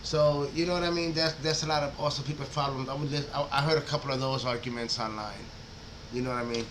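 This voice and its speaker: A man chiming in on a casual chat in relaxed, slangy talk, often clearing his throat. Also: mid-range voice, fast, slight background noise.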